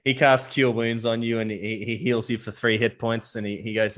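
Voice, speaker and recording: A man's voice: medium pitch, flat delivery, normal speed, a bit bright. A young man narrating as game master of a tabletop game, rambling loosely with lots of fillers.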